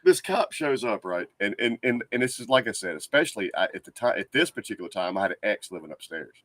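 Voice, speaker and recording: A man's voice: fairly low pitch, lively intonation, fairly bright tone, dry recording. A man on a casual podcast who tells his own story, joking and cutting in with wisecracks. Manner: quick, joking, interrupts with wisecracks. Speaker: podcast co-host. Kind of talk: casual chat.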